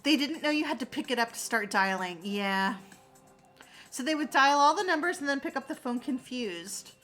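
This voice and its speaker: A woman in her forties chatting casually on a livestream, reading comments aloud with animated, sarcastic asides. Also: sits high, normal speed, faint music behind. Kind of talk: casual chat.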